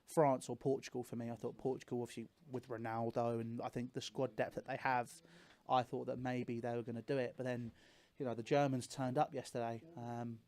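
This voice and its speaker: A man co-hosting a live football watchalong, chatting and joking in quick banter. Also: mid-range voice, flat delivery, darkish tone. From England. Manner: chatty, quick banter with playful put-on voices. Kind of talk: casual live match chat.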